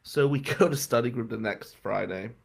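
A man telling a story on a radio talk show, animated and acting out the voices of the people he quotes. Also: mid-range voice, moderate pace, creaky, breathy edge. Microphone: studio microphone.

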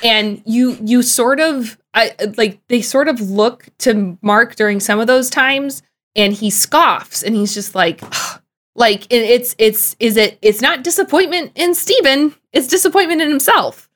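A young woman co-hosting a casual podcast about a TV show, chatty and full of "like" fillers, with animated bursts. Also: fairly high pitch, unhurried. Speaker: podcast co-host.

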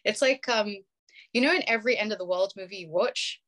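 A woman's voice: medium pitch, a little fast, fairly bright tone. A young woman with a British accent, a guest on a casual podcast. She tells stories in a chatty way and laughs often. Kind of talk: casual interview chat.

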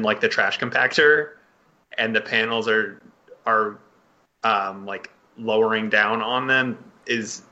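A man co-hosting a casual podcast discussion, halting and enthusiastic with many fillers and restarts. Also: lowish voice, bright, forceful tone, dull audio. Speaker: podcast co-host.

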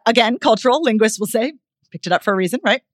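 Animated woman vocal coach, dry sound. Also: fairly high pitch, fast talker, no room sound. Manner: expressive, demonstrates vocal points. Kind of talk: coaching in a podcast conversation.

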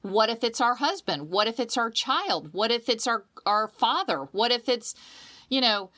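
A woman's voice: fairly high pitch, normal speed. A woman co-hosting a casual talk show, telling stories with emotion and often repeating words as she starts her sentences. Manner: emotional, animated storytelling with dramatic quoted voices. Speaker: podcast co-host. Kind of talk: casual chat.

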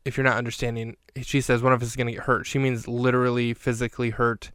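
Male podcast host, casual film recap, chatty and rambling, flat delivery, clean dry recording. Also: mid-range voice, fast, clear, resonant tone, dry recording.

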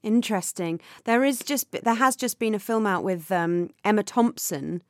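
A woman co-hosting a podcast in casual chat, upbeat and quick to laugh. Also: mid-range voice, a little mellow, no room sound, clean studio sound. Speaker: podcast co-host.

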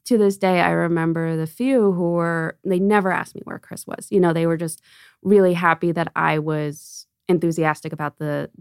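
A woman guest on a podcast, chatting casually and telling animated stories, acting out quotes with laughs. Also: on the low side, normal speed, gravelly, smooth, no echo, clean studio sound. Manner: animated storyteller, acts out quotes, laughs often. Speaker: restaurant owner and wine buyer guest.

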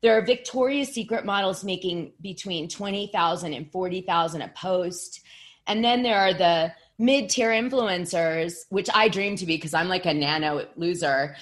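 A woman's voice: on the low side, moderate pace. A woman hosting a casual interview, chatty, often laughing and filling her talk with "like". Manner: chatty, laughs easily, says "like" a lot. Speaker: podcast host.

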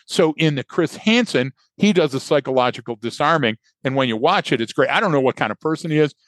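A man's voice: fairly high pitch, animated, fast talker, no echo. A man co-hosting a podcast, telling a story with energy and acting out his own thoughts. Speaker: podcast co-host. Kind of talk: casual conversational storytelling.

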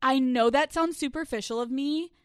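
A woman's voice: sits high, moderate pace, no echo, clean studio sound. A young woman hosting a podcast, chatting in a brash, profane and emphatic way. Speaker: podcast host. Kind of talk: casual chat.

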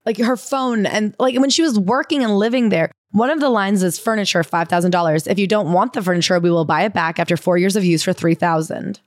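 Fast-talking wry woman podcaster. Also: mid-range voice, no echo. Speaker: podcast co-host. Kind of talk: casual chat and reading excerpts aloud.

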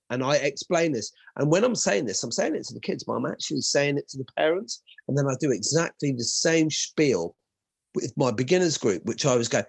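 A man's voice: mid-range voice, fairly quick, vocal fry, breathy edge, no echo. A man who teaches martial arts, telling stories in casual chat and acting out the voices of kids and parents. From Ireland. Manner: animated storyteller, acts out dialogue.

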